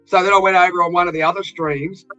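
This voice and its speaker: A man's voice: high-pitched, fairly even intonation, fast, bright, forceful tone, muffled recording, soft background music. An Australian man in blunt, profane casual chat, ranting with fired-up energy.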